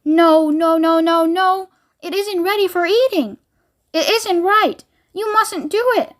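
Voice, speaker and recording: A woman reading a storybook aloud, voicing an eccentric male candy maker who speaks gently and frets. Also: extremely high pitch, a little slow, pitched above the performer's own voice. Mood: alarmed. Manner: gentle, fretful, hand-wringing.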